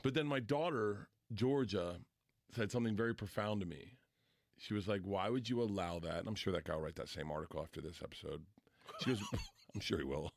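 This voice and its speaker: A middle-aged man tells stories as a podcast guest in an animated, self-deprecating way. He swears often and acts out the voices of people in his anecdotes. His voice sits fairly low and is recorded close and dry. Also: fairly quick, creaky, no room sound. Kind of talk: casual storytelling.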